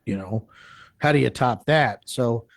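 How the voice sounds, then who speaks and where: A man with a mid-range voice and some vocal fry speaks a little slowly, with no room sound. As a guest in a live interview, he tells a long, rambling field story, animatedly acting out what people said and often restarting his sentences.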